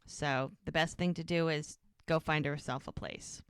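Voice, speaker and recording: A woman's voice: low-pitched, steady tone, moderate pace, smooth, no room sound, studio quality. A woman co-hosting a podcast, casually recapping a TV episode and acting out the characters' lines with laughs along the way.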